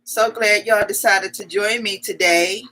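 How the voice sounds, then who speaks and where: A woman hosting a casual livestream, chatting and greeting viewers one by one, repeating her welcomes in quick strings. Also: mid-range voice, steady tone, pushed and bright, rough recording. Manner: greets viewers by name as their comments arrive. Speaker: livestream host. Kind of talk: casual live-stream chat.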